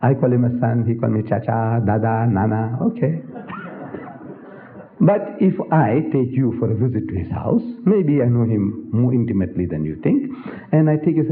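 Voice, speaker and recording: An older man from South Africa giving a public religious lecture in a large hall, animated and theatrical, with rhetorical questions and acted-out dialogue. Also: mid-range voice, normal speed. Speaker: guest lecturer. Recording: tinny, phone-like old lecture recording.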